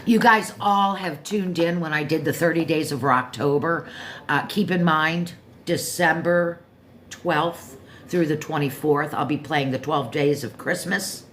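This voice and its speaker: An older woman from Florida with a low, deep voice, hosting her own show and chatting casually about a book, self-joking and talking straight to listeners. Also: a little slow, a bit bright, slight background noise. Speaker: show host reviewing a book. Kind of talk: casual rambling monologue.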